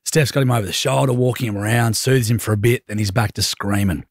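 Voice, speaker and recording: Young aussie radio co-host, husky voice, dry close sound, animated yarn-teller. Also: male voice, fairly low pitch, quick pace, dry recording. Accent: Australian. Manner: animated storyteller, joking. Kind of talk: casual on-air chat.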